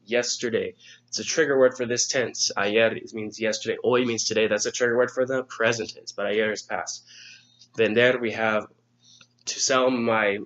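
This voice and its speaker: A man's voice: on the low side, steady tone, normal speed, fairly bright tone, lo-fi sound. A male Spanish teacher patiently walking students through an exam review lesson, step by step.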